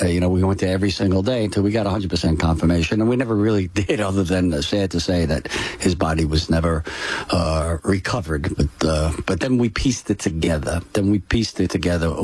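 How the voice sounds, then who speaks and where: An older man tells a personal story as an interview guest, halting and restarting often. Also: deep voice, darkish tone, dry recording. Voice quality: halting, full of restarts and "you know". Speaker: interview guest, brother of a firefighter.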